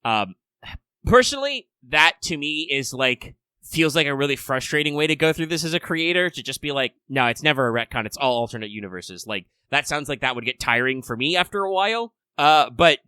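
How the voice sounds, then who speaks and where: A man's voice: a little high, sing-song, fairly quick, sharp tone, clean tone, no echo. An American man co-hosting a casual podcast chat, rambling with frequent restarts and wry asides. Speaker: podcast co-host.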